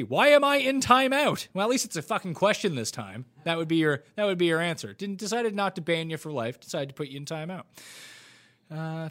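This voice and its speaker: A man runs a casual livestream Q&A with quick, blunt answers and the odd wisecrack. His voice is bright and a bit high for a man. His pitch swings widely as he talks. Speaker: livestream host.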